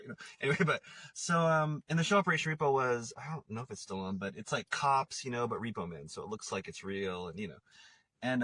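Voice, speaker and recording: A man's voice: medium pitch, a bit bright, dry recording. A man hosting a podcast, telling a rambling story with lots of laughs and acted-out quotes. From Italian Scottish family. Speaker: podcast host. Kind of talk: casual chat, storytelling.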